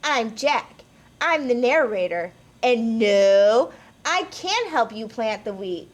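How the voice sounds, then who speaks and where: A woman voicing a bossy, busy young man who narrates and keeps cutting in impatiently. Her voice is high and lively, with a slow, drawn-out pace. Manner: impatient, interrupting.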